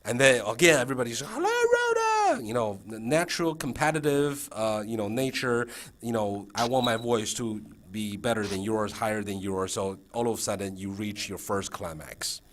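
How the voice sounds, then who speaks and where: A man's voice: on the low side, fairly even intonation, moderate pace, fairly bright tone, a little hiss or hum. A man training a new teacher in a casual session, checking in often with frequent fillers and restarts.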